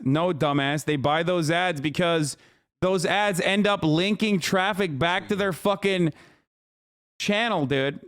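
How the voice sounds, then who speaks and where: A man's voice: sits high, slow, a bit bright, no room sound. A man in his thirties livestreaming from a home setup, combative and profane as he argues with his viewers. He mocks and scolds the chat in a sarcastic, heated voice. The recording is close and dry, with almost no room sound. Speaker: streamer. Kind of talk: live stream reaction rant.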